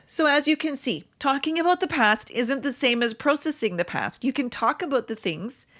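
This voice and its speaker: A middle-aged woman coach in a reflective monologue, tearful and crying, emotional and halting, with sighs and soft breathy asides. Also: fairly high pitch. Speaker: podcast host and coach.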